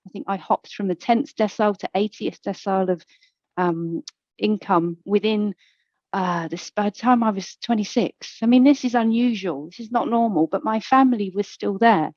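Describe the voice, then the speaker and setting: A woman's voice: mid-range voice, a little mellow, dry recording. Playful woman telling a candid story. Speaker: conference panel speaker. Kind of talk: personal story at a conference. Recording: dull, dry lo-fi recording.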